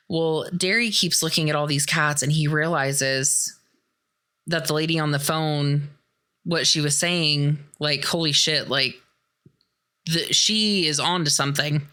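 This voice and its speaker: A woman hosts a casual podcast and retells a horror film scene by scene. She talks in an animated, profane way. Her voice sits low in pitch but has a bright, forceful edge. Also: a little slow. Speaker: podcast host.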